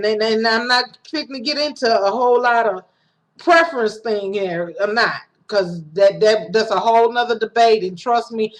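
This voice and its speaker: Woman preaching conversationally. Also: a little high. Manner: conversational, repeats and restarts, acts out quoted lines. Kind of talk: casual home-recorded sermon. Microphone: home recording setup.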